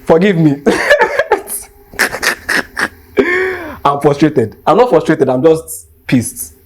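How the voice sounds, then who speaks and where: Podcast host, young Nigerian man, pitched a bit high, emphatic rant delivery. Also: normal speed, mellow. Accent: Nigerian English. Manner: heated and emphatic, repeating points. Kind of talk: impassioned rant.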